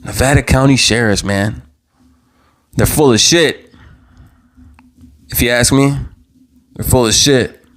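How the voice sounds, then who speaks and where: A young man hosting his own live show, giving impassioned commentary in a heated, worked-up voice, repeating himself and stumbling over restarts as he gets louder. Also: mid-range voice, slow pace, long pauses. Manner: heated, repetitive, stammering restarts, rising to near-yelling. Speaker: vlog host.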